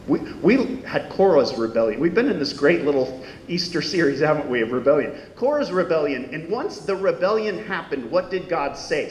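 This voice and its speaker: A man delivers a sermon in a conversational style, peppered with rhetorical questions. His voice sits a little high for a man. The sound is roomy, with a long hall echo and a faint low rumble behind it. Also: big pitch swings, normal speed. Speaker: pastor.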